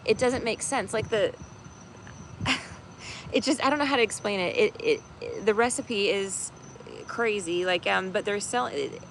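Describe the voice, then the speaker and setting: A woman's voice: mid-range voice, slight background noise, rough recording. A woman chatting casually on a livestream as a tarot reader host, rambling with many fillers and laughing easily. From United States.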